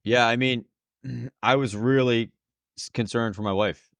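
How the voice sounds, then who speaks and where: A man's voice: mid-range voice, steady tone, a little slow, creaky, fairly bright tone, dry recording. A young man casually telling a personal story on a podcast, earnest and emotional and laughing often. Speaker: podcast host, new father.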